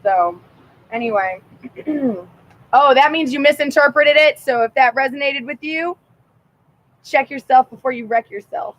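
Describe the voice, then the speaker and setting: A young woman vlogging outdoors, telling a rambling story in a casual, profane, animated way and laughing often. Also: high voice, measured pace, long pauses, low-quality recording.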